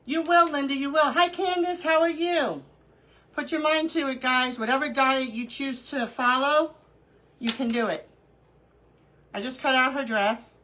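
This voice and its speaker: On her live crafting stream, a middle-aged woman chats casually and tells stories, laughing frequently as she goes. Her high voice moves at a moderate pace, and the poor recording has a slight hiss or hum.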